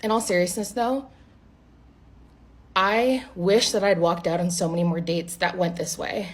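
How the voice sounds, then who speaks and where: A woman's voice: fairly low pitch, fairly even intonation, measured pace. A woman casually recounting a bad date to the camera, blunt and exasperated, swearing freely. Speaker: storyteller.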